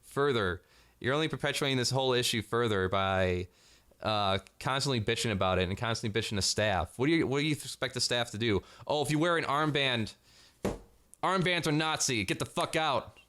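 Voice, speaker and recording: A man's voice: mid-range voice, brisk, a bit bright. A man delivering a sarcastic, profanity-heavy commentary rant as a vlogger.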